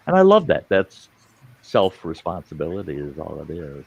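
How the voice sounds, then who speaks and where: A man telling a story in casual chat, animated, cursing casually. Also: low-pitched, moderate pace, gravelly, breathy edge, muffled recording.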